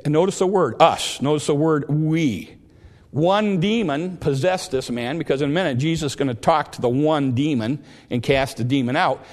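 A man's voice: on the high side, darkish tone, in a large hall. A man preaching a sermon in an earnest, plain way, often repeating and restarting his words.

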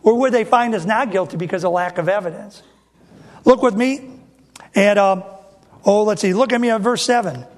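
A man's voice: high-pitched, moderate pace. A man in his fifties preaching a sermon as a pastor, folksy and emphatic, with repeated rhetorical questions.

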